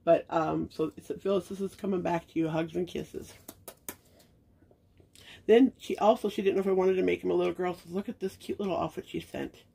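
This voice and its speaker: A woman's voice: lowish voice, steady tone, fairly quick, vocal fry, mellow, husky. A middle-aged woman chatting casually to viewers as she shows off baby clothes, gushing and sentimental, with frequent fillers. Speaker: reborn doll collector and channel host. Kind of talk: casual unboxing chat to viewers.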